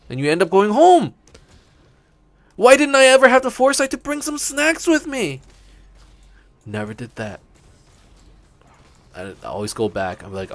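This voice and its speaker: A man's voice: sits high, wildly swooping pitch, normal speed, long pauses. A young man hosting a let's play, rambling through casual stories with frequent swearing. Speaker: gaming channel host.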